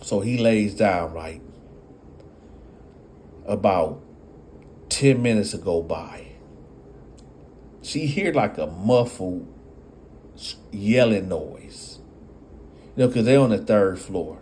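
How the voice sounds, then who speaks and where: A man's voice: fairly low pitch, lively intonation, takes it slowly, long pauses, a little mellow, a little hiss or hum. A man casually telling a story and speaking straight to his audience. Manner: conversational, addresses the audience.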